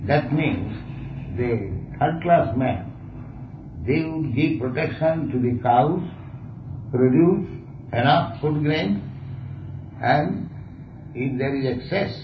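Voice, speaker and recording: A man, explaining scripture in conversation, slow and halting with repeated words. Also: medium pitch, animated. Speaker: spiritual teacher in conversation. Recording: tinny, echoey, distant, with faint hiss.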